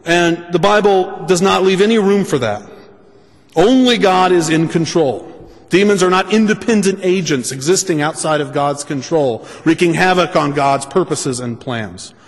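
High-voiced male preacher in a reverberant hall. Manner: deliberate, restating points for emphasis. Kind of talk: sermon.

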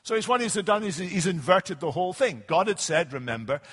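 High-voiced male preacher in a reverberant hall. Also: sing-song, fairly bright tone, slightly rough. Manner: deliberate, emphatic, slowing on key phrases. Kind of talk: sermon.

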